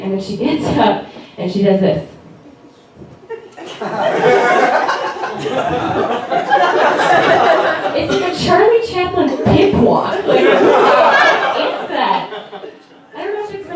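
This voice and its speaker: A woman's voice: high voice, very animated, a little slow, over a noisy crowd. Chatty young woman doing stand-up. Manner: chatty, rambling, full of fillers and giggles. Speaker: stand-up comedian. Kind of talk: stand-up comedy set. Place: comedy club stage. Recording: echoey club, distant mic, loud noise.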